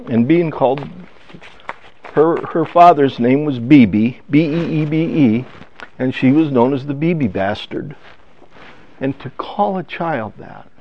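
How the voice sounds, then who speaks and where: Older guy telling his family story, choked up and halting, muffled lo-fi sound. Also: a little high. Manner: halting, emotional, with restarts. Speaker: speaker. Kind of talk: personal testimony talk. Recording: dull lo-fi sound.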